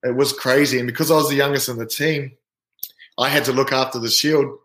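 A man, a rugby player guest telling an animated story in casual chat. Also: mid-range voice, fairly quick. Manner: lively, animated anecdote-telling. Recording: roomy echo.

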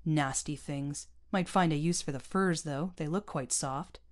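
Woman doing haughty male captain, storybook, cold and condescending, low voice. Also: unhurried. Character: stern arrogant male space captain, pompous.

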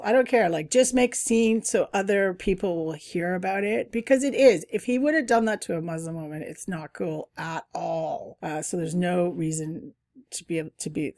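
A middle-aged woman casually telling a travel story, chatty and animated, often laughing. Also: fairly low pitch, no echo, studio quality.

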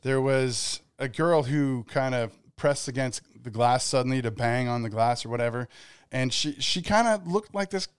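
A man's voice: medium pitch, normal speed, smooth, no room sound, studio quality. A man in his thirties on a casual podcast, telling anecdotes and acting out what people said. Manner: storyteller who acts out quoted lines. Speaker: podcast co-host. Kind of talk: casual chat.

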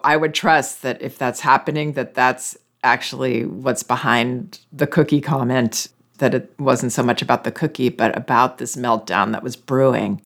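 A parenting advice host speaking calmly and reflectively as they answer listener questions. They explain patiently and reassure parents. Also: mid-range voice, moderate pace.

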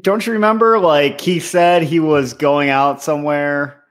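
A man's voice: a little high, steady tone, unhurried. A man co-hosting a podcast in casual chat, telling rambling stories with sarcasm. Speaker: podcast co-host.

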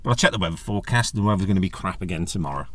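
A man hosting a casual solo podcast, chatty and jokey, rambling from one aside to the next. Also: racing. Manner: rambling, chatty and jokey, with animated pitch jumps. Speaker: podcast host.

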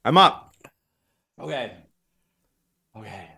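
A man hosting a casual chat while tasting hot sauce, whooping loudly at the heat, his nose running. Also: mid-range voice, sing-song, takes it slowly, creaky, husky. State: nose running from spicy food. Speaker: host.

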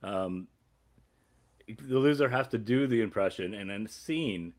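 A man's voice: lowish voice, a little slow. A man hosting a casual podcast chat, goofy and prone to laughing. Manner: laughs a lot, goofy and animated. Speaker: podcast host.

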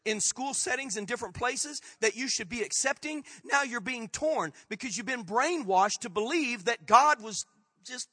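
A man pastor preaching a sermon with impassioned swings from loud peaks to hushed prayer, in informal, folksy phrasing. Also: extremely high pitch, animated, normal speed, breathy edge, dry recording, studio quality.

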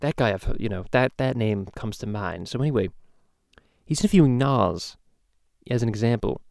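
A man's voice: on the low side, normal speed, vocal fry, a little mellow, no room sound, clean studio sound. A man voicing a crude, rambling middle-aged cartoon dad in a casual podcast chat, talking loosely and swearing often. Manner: rambling, profane, loose storytelling.

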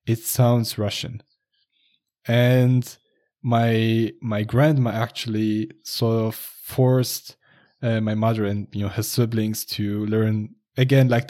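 A man's voice: mid-range voice, mellow. A man chatting casually, rambling a little and hesitating with many restarts. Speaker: conversation partner. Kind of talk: casual chat.

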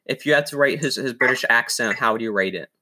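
A man's voice: mid-range voice, quick pace, sharp tone. A man hosting a podcast, asking interview questions with hesitant, stumbling restarts. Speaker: podcast host.

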